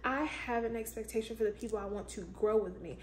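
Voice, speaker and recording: A woman's voice: on the high side, a little fast. Emphatic woman musing on faith, echoey room. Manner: exclamatory, breaks into praise, informal and emphatic. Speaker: vlogger, show host. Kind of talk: casual faith-based reflection. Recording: echoey room with faint ambient noise.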